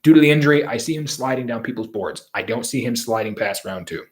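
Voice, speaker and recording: A man's voice: mid-range voice, animated, quick pace. A man giving solo football draft commentary in an opinionated, rambling and emphatic way. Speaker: sports commentator.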